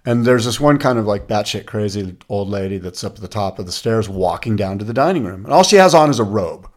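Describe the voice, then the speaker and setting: Casual podcast cohost guy, chatty and animated, tells jokes. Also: on the low side, fast talker. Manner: animated storyteller, rattles off lists. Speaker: podcast co-host. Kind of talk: casual chat.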